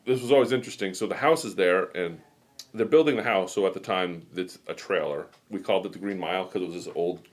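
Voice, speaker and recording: A low-voiced middle-aged man from New England rambles his way through a casual live show. He chats loosely and keeps drifting off into stories. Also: fast. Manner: rambling, chatty storytelling. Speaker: host. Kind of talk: casual chat.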